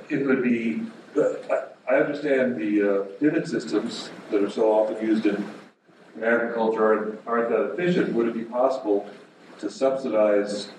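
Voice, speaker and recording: A man making a public comment as a visitor at a meeting, hesitant and full of pauses and restarts. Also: on the low side. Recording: roomy hall, distant mic, clear noise.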